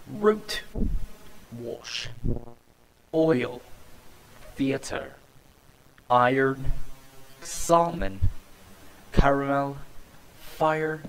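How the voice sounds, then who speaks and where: A man doing a put-on accent that sits well above his usual pitch. He pushes each word out loud and separately, like reading items off a list, and takes his time between them. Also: rough recording. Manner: reads words one by one, raised and loud.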